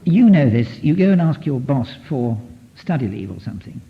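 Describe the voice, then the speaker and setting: A man's voice: medium pitch, moderate pace. A man lecturing to an audience as a psychotherapist, digressive and full of restarts. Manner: lively, digressive, many restarts, taps out rhythms. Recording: dull lo-fi archive tape.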